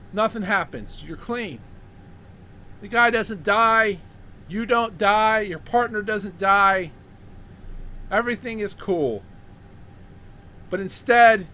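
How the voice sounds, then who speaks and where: Man, bright sharp tone, profane heated monologue, faint background noise. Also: sits high. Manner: heated, profane, repeats words when worked up. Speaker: show host.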